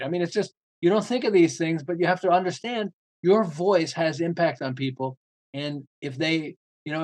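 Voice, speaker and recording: A man being interviewed as a guest author on a podcast, talking loosely with lots of "you know" and acting out what people think by jumping up and down in pitch. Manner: animated, acts out quoted thoughts with big jumps in pitch.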